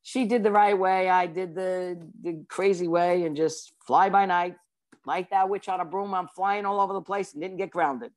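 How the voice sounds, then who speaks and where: A woman from Brooklyn, a psychic and author telling her story in an interview, talking fast and acting out quotes. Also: lowish voice, fairly even intonation, a little mellow. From Brooklyn, New York.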